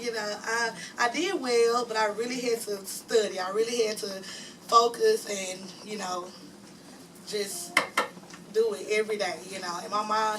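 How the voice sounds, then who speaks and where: A young adult woman telling her personal story as an honored guest speaker, chatty, laughing often and leaning on fillers. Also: fairly high pitch. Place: community event room. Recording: distant mic with clear room noise.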